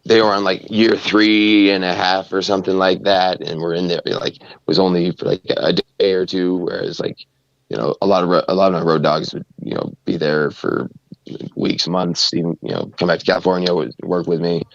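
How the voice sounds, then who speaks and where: A man's voice: deep voice, normal speed, vocal fry, dry recording, highs cut off. A man chatting on a podcast, rambling, with many fillers and "you know"s. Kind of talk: casual podcast chat.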